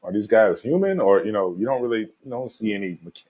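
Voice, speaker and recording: A man's voice: lowish voice, animated, fast, breathy edge, dull audio. A man co-hosting a movie review chat, casually walking through scenes with lots of filler words. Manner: laid-back, recaps scenes with filler words. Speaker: podcast co-host.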